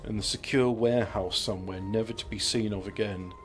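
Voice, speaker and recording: This game streamer has a lowish voice with fairly even intonation and a brisk pace, soft music playing behind him. He rambles through sardonic jokes in casual commentary, muttering to himself as he plans his moves.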